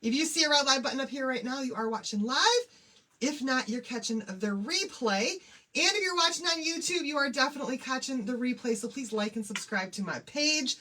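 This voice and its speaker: A fairly high-voiced woman hosts a casual craft livestream. She is bubbly and chatty, greeting her viewers one by one as she gets her supplies ready. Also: brisk, sharp tone.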